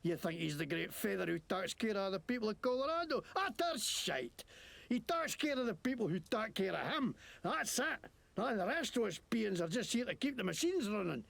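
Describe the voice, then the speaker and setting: A crude wasteland crook with a bad fake Scottish accent, his voice gravelly and rough. He rants and complains in a video game, his pitch swinging wildly up and down. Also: big pitch swings, moderate pace, fairly bright tone, no echo, full character voice. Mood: ranting. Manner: crude, ranting, self-pitying. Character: grudge-holding noseless male wasteland crook.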